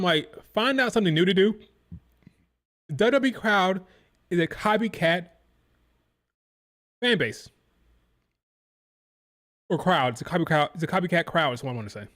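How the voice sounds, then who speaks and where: A man's voice: a little high, very animated, moderate pace, long pauses, a bit bright. A man hosting a live wrestling watch-along, chatting casually and mimicking crowd chants in a sing-song rhythm. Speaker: live stream reaction host.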